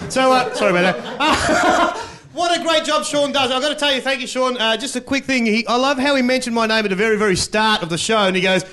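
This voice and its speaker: A man doing live stand-up comedy on stage, loose and chatty, laughing at his own jokes and working the crowd. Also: extremely high pitch.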